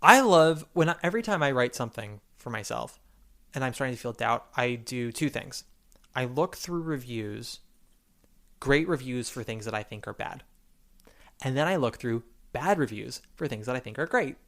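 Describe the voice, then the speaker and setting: Man, podcast host, casual chat, mid-pitched voice, animated retelling. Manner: animated, quick retellings with acted-out quotes.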